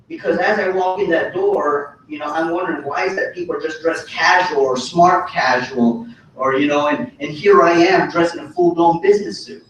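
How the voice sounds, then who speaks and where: A man giving a motivational business talk, telling his story in an animated, folksy way with punchy repetition. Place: hotel ballroom. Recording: echoey hall from far off, faint rumble.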